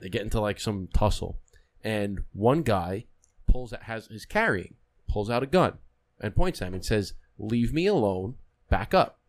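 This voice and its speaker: Animated low-voiced man telling stories. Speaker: podcast host. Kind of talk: casual podcast chat.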